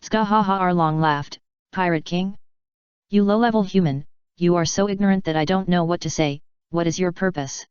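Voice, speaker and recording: A woman reading a fanfiction audiobook aloud in an even, unacted narration, voicing every character the same way. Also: lowish voice, moderate pace, clean tone, no echo. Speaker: audiobook reader. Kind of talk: flat scripted narration. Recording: dull, lo-fi dry sound.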